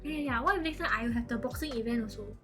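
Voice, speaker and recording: A young woman with a Singaporean English accent talks in a high, bright register, rambling cheerfully to her stream chat. She giggles often between thoughts. Soft music plays faintly behind her. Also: very fast. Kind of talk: casual chat with live viewers.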